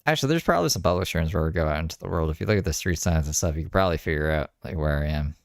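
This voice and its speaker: A man's voice: rumbling low, lively intonation, rapid-fire, vocal fry, no echo, studio quality. A Canadian man streaming live, chatting and joking with his viewers in a loose, casual way.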